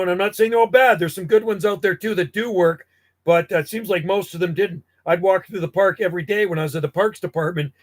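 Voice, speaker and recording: A middle-aged man ranting bluntly in casual talk, grumbling and swearing as he tells stories. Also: fairly high pitch. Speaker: radio hobbyist livestream host. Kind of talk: casual rant.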